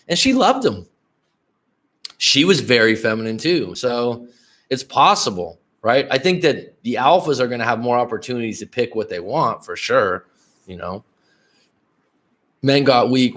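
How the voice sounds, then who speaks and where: A middle-aged man coaching on dating in a casual livestream, blunt and profane, rambling with restarts and talking straight to viewers in the chat. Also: medium pitch.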